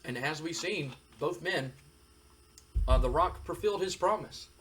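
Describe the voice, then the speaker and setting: A man's voice: on the high side, lively intonation, a little slow, fairly bright tone, a little hiss or hum. A man casually narrating a wrestling management game, retelling it in a loose, rambling way. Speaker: game commentator. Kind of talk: casual let's-play narration.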